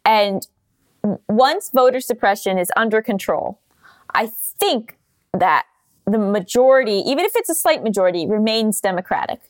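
A woman's voice: mid-range voice, lively intonation. Earnest young woman podcast co-host. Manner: earnest and thoughtful, pausing often with fillers. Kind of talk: casual chat.

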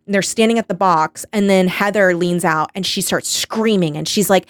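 A woman's voice: mid-range voice, moderate pace, hardly any pauses, dry recording, studio quality. A woman in her thirties casually recapping a novel's plot as a podcast co-host, rambling, swearing and quoting characters. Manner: rambling plot summary with quoted voices and swearing. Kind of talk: casual book recap chat.

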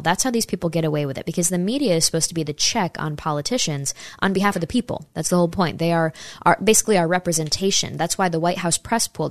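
A woman's voice: low voice, no echo, clean studio sound. A woman hosting opinionated political commentary, sarcastic and incredulous, reading passages from articles aloud.

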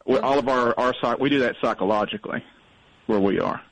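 A man's voice: mid-range voice, a little fast, no echo, rough recording. A man from North Alabama, calling into a radio show, rambling in a wry, self-deprecating way while getting over being sick. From North Alabama, USA. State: sick, recovering. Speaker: caller. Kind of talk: casual call-in chat.

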